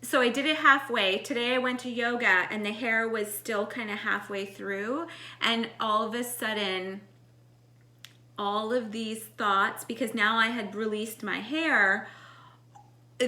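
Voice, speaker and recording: A woman's voice: fairly high pitch, echoey room. A woman in her forties telling a personal spiritual story in a casual, earnest way, full of "like" fillers. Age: 40s. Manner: earnest, animated, many "like" fillers. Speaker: spiritual vlogger.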